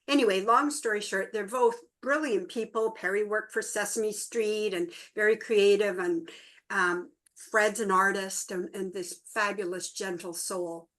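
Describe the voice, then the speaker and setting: A middle-aged woman co-hosting a relationship workshop tells stories in a relaxed talk to a small group, livening up the voices she quotes. She speaks in a mid-range voice at a slightly slow pace.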